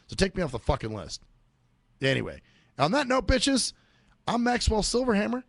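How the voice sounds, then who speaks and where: A man's voice: high voice, very animated, brisk, vocal fry, no room sound. A man hosting a solo radio talk show, ranting profanely and sarcastically and mocking other people's voices as he goes.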